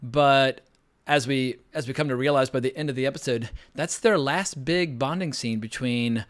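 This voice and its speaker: A man reviewing a TV episode in a relaxed, conversational way, opinionated and now and then profane. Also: mid-range voice, moderate pace. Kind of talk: casual spoken TV episode review.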